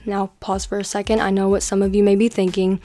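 A woman hosting a faith podcast, talking in an energetic, encouraging, conversational way. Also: medium pitch, fast, faint music behind. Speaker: podcast host.

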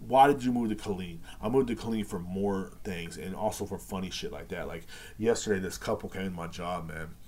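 A podcast host talks through a long, winding story in a relaxed monologue. His voice sits on the low side, and his speech is loose and profane, packed with "like" and "you know what I'm saying.". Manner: rambling profane storytelling, many fillers.

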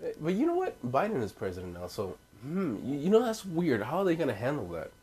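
A man's voice: on the high side, wildly swooping pitch, fast talker, darkish tone, husky. A man ranting casually to his viewers, loose and profane, with rambling asides and frequent laughs. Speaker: vlogger. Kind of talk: casual profane rant to camera.

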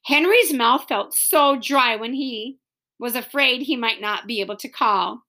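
A woman reading a children's chapter book aloud with expressive storytelling. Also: a little high, a little slow. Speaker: reader.

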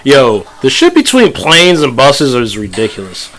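A man co-hosting a casual podcast chat, telling profane stories in an animated way. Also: medium pitch, moderate pace, crowd noise, poor audio. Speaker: podcast co-host.

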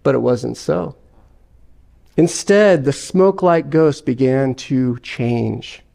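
A male pastor preaching a sermon, telling a story in a measured way. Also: medium pitch, creaky, dark tone.

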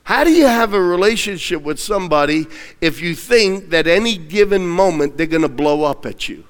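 High-voiced emphatic male preacher, echoing hall. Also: expressive, moderate pace. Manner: emphatic, call-and-response, swings from loud to hushed. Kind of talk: sermon.

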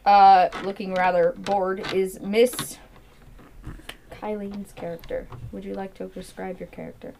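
An easygoing woman narrates a tabletop game as game master, her voice sitting at an ordinary pitch. She talks in a halting way, full of little fillers, and laughs easily. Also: flat delivery, noisy background.

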